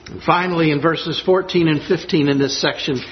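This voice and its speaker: A man's voice: on the high side, fairly even intonation, moderate pace, highs cut off, slight background noise. A man preaching a sermon, earnest and emphatic as he reads scripture and reflects on it. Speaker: pastor.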